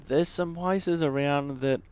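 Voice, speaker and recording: A man's voice: fairly high pitch, fairly even intonation, slow pace, darkish tone, clean tone. An Australian man hosting bus simulator gameplay, answering viewer questions with dry, joking humour. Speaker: YouTube gaming host.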